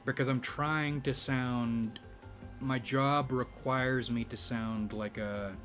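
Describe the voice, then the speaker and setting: A man hosting a YouTube channel in a rambling, casual monologue, speaking in a deliberately low register with a slight vibrato. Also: steady tone, fairly bright tone, soft background music. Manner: rambling, with frequent restarts and profanity.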